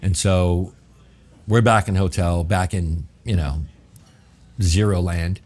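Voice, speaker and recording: A middle-aged man tells a story as a guest in a relaxed interview. His voice sits very low. He talks in a vivid, profane way and acts out the dialogue as he goes. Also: slow pace. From New Orleans, USA. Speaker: guest chef.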